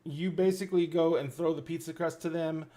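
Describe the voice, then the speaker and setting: A man serving as game master, narrating the scene in a loose, chatty way with many fillers. His voice sits a little high for a man. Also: fairly even intonation, fairly quick, crowd noise.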